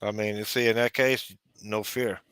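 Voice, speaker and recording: A man's voice: fairly low pitch, flat delivery, normal speed, a bit bright, smooth, no echo. A man in casual chat, rambling with lots of "you know" and restarts.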